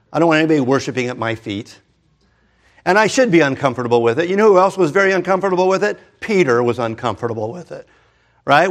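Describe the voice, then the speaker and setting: A pastor in his fifties preaching a conversational sermon, animated and full of restarts and asides. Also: a little high.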